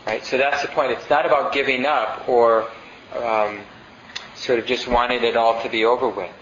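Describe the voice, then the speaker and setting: A man's voice: mid-range voice, steady tone, moderate pace, a bit bright, a little hiss or hum. A male meditation teacher giving a conversational dharma talk. He reads passages aloud and asks the audience questions. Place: meditation center hall. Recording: roomy, dull lo-fi sound.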